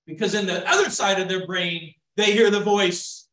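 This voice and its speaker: A man preaching a sermon, swinging between hushed asides and loud emphasis. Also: high voice, normal speed. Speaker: pastor. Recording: echoey room, mic from far off.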